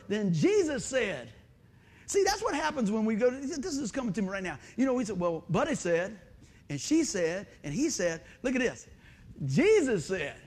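A middle-aged male pastor, preaching a folksy, animated sermon full of stories and calls for amen. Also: sits high, slightly rough. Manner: folksy, animated, storytelling with asides and call-and-response.

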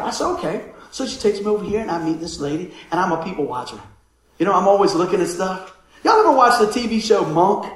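A man's voice: sits high, big pitch swings, a little fast, echoey room, poor audio. A man preaching a folksy sermon, often chuckling and calling out for amens. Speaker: pastor.

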